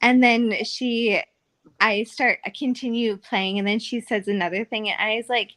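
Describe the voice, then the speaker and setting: Speaking at a moderate pace with fairly even intonation, a woman with a high-ish, slightly bright voice recounts casual stories on a podcast. A former casino dealer, she's talkative, filler-heavy, and quick to laugh.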